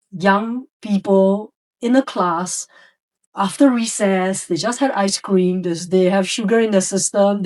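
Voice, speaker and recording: A woman's voice: mid-range voice, a little mellow, far from the mic. A woman educator telling classroom stories in a podcast interview, acting out the voices of students and teachers. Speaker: educator guest.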